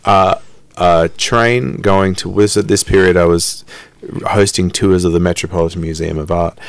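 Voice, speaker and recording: A young man in casual conversation, telling a story in an animated way and acting out the voices of the people in it. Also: deep voice, normal speed, vocal fry, clean tone, no room sound. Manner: animated, acts out quoted voices. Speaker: guest.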